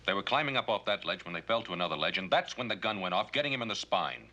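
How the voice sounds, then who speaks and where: An actor playing a level-headed young eldest son on a ranch, reasoning calmly in a 1960s television western. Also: male voice, sits low, very fast, full character voice.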